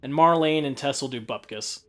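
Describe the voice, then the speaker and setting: A man's voice: medium pitch, moderate pace, fairly bright tone. A young man giving casual, joking commentary over gameplay, offering tips and laughing often. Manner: giggly, jokey, gives gameplay tips. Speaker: let's play commentator.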